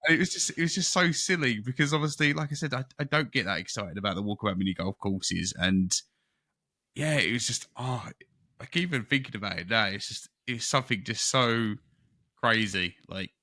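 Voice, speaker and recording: A man co-hosting a podcast, telling stories in an excitable, rambling way. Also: mid-range voice, brisk, no echo, clean studio sound. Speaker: podcast co-host. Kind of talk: casual chat.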